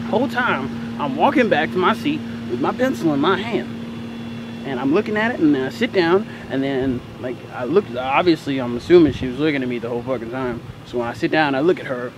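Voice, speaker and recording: A man's voice: medium pitch, lively intonation, fairly quick, background noise. A teenage boy telling a childhood story in a casual, profane, indignant way. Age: teens.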